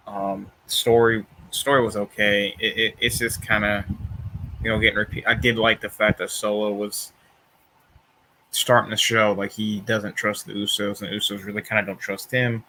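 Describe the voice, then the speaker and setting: A man's voice: on the low side, pushed and bright, a little hiss or hum, rough recording. A young man in casual chat, rambling and tired, yawning between thoughts, with many fillers and restarts. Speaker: vlogger reviewing wrestling shows.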